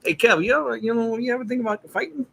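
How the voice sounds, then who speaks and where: A man's voice: extremely high pitch, fast, creaky, sharp tone, breathy edge, pitched above the performer's own voice, exaggerated voice. A man voicing a pushy male gym acquaintance who loves to fight, raised well above his own voice. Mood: prodding. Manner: eager, prodding, insistent.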